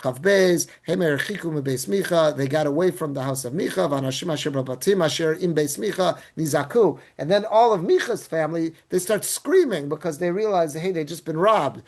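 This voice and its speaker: A man teaching as a rabbi, reading Hebrew verses and then retelling them in casual, animated English. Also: on the high side, a little fast, few pauses. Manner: animated storytelling. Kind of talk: Torah class.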